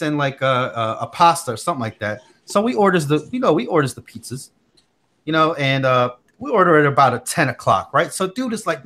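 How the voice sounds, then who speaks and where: Guy hosting a tech stream, bright punchy voice, slangy, lots of "you know what I'm saying". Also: fairly high pitch. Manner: animated storyteller, slangy, many fillers. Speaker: tech channel host. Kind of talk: casual livestream chat.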